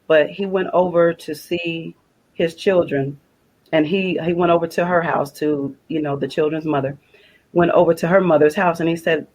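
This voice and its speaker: A woman's voice: low-pitched, fairly even intonation, moderate pace, darkish tone, rough recording. A woman, a guest on a faith broadcast, telling an emotional personal story in plain conversational speech and using religious phrasing. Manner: retells conversations in quoted dialogue, repeating phrases.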